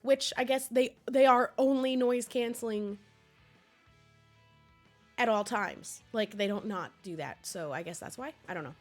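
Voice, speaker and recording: A young woman streaming from home, chatting casually with viewers in a rambling, laughing way. She is hoarse, sniffly and coughing from a cold. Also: a little high, measured pace, faint music behind.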